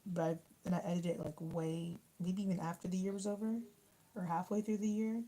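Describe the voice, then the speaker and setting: A woman's voice: fairly low pitch, flat delivery, fairly quick, mellow, poor audio. Rambling young woman chatting on a livestream. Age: young adult. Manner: rambling, filler-heavy, reacts to chat comments. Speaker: YouTuber reading live chat. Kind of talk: casual livestream chat while eating.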